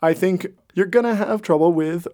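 A man speaks as an expert guest on a radio show and explains his topic patiently, with some ums and uhs. His voice sits a little high for a man. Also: normal speed, mellow. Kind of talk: explanatory conversation.

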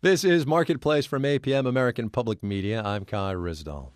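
A man's voice: medium pitch, brisk, no echo. Radio host man, dry studio voice. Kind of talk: radio interview.

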